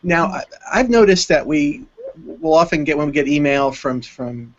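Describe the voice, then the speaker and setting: A man's voice: on the high side, expressive. An American man co-hosting an English lesson, speaking thoughtfully with frequent restarts. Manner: thoughtful, halting, many restarts. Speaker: co-host, English teacher. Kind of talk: online English lesson hangout. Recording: dull web call audio.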